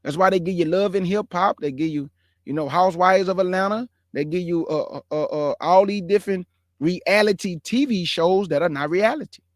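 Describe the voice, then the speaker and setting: A man hosts his own show, speaking directly to viewers in an earnest, impassioned monologue and calling them family, brother, and bruh. He grows heated and emphatic. His voice is high and a little fast, recorded with clean studio sound and no room sound.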